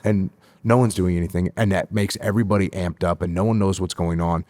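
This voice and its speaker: Guest: middle-aged man from the United States, very low voice, emphatic and repetitive, dry close sound. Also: steady tone, fairly quick, darkish tone, no room sound. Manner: emphatic, repeats key phrases for stress. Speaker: guest, retired military officer. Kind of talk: podcast interview.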